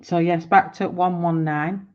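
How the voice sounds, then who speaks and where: Low-voiced chatty woman in her forties. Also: fairly even intonation, unhurried, muffled recording. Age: 40s. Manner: chatty and rambling, laughs often. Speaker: art livestreamer. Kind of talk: casual chat while colouring on a live stream.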